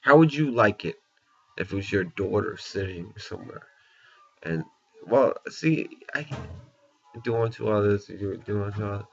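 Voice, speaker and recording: A man with a somewhat low voice delivers a blunt, profane opinion rant straight to camera. He hammers his points with repeated "okay?" and "you know". The recording sounds dull and lo-fi. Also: expressive, a little slow, gravelly, pauses often, faint music behind.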